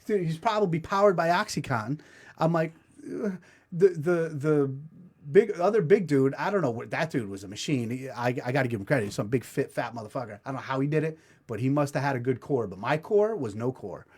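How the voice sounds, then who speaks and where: A man's voice: medium pitch, lively intonation, a little fast, slightly rough. A man hosting a podcast, telling a story in a casual, profane, self-mocking way. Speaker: podcast host. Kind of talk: comedic storytelling.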